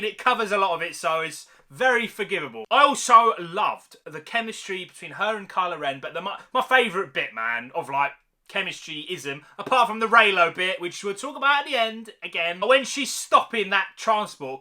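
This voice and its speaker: Excited guy, bright sharp voice. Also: high voice. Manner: excited, slangy, keeps tagging "mate" and "man". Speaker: film reviewer. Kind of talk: casual spoiler review.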